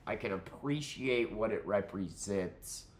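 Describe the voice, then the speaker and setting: A man's voice: lowish voice, unhurried. A man hosting his own channel, talking through a casual film review in a nasal, stuffy-nosed voice while under the weather, rambling candidly with lots of fillers and restarts.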